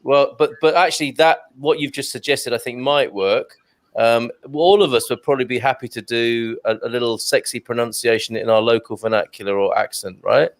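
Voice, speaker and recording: A man's voice: mid-range voice, steady tone, a little fast. A man hosting a casual online chat show, joking around and reading out viewer comments. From Britain. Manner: jokey, reads out viewer comments. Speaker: host.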